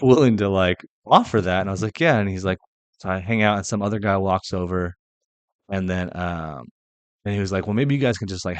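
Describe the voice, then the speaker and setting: A man's voice: sits low, dry recording. Blunt, swearing young man preaching faith. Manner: impassioned and blunt, swears freely, swings from loud emphasis to quiet asides. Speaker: podcast host. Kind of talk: casual faith podcast monologue.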